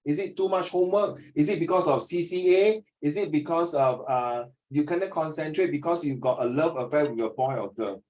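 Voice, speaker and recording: A man with a Singaporean English accent teaches a class in a slightly high voice. He is lively and teasing, coaching students on their reading and often repeating himself. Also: a little fast, few pauses. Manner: animated, teasing, repeats words.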